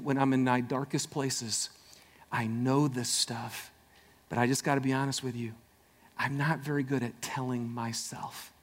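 A man preaching a sermon as pastor, swinging from loud emphatic lines to hushed, near-whispered ones. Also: on the high side.

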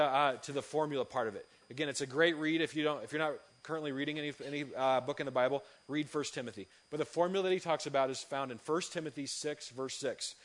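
A man, a youth pastor, giving a sermon full of lively, funny personal stories. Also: fairly high pitch. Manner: lively storytelling, animated and humorous.

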